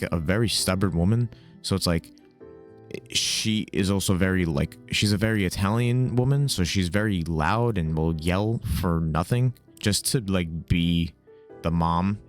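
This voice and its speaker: A young man with a very low, deep voice tells a casual, comic story, rambling and swearing freely and packing his sentences with fillers. Faint music sits quietly behind him. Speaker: storyteller, video host. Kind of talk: casual comedic trip story.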